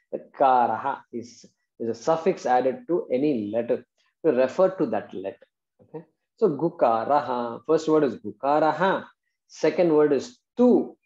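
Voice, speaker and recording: A male teacher patiently explains Sanskrit verses, often pausing to check that his students follow. His voice is gravelly and mellow. The recording is dull and echoes like a classroom. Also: mid-range voice. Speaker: Vedanta teacher.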